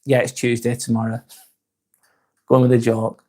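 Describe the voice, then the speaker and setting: A man's voice: mid-range voice, completely flat delivery, moderate pace, darkish tone. A man in his forties with a Northern English accent, hosting a live stream and reading out chat comments, joking and rambling with frequent restarts. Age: 40s.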